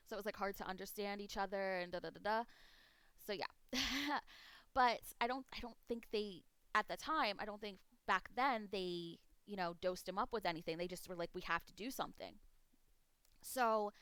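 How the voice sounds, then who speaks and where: A young woman talks to her stream chat from home, her voice smooth and resonant even as she fights back tears. She rambles through the update with many ums and sighs. The sound is close and dry, with no room around it. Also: mid-range voice, no echo.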